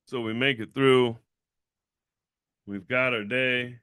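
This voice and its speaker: Bright, blunt man telling a story. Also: mid-range voice, takes it slowly, smooth, no room sound, clean studio sound. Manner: blunt, profane and animated, acting out the voices of other people. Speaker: channel owner and host. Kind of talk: casual livestream storytelling.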